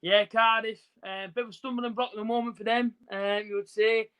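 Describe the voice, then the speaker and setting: Guy doing a footy watch-along stream, higher voice, bright, chatty, lots of ums and you knows. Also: little pitch movement, fairly quick, clear, resonant tone, low-quality recording. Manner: chatty, reads out viewer comments, lots of fillers. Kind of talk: casual live stream chat. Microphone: phone.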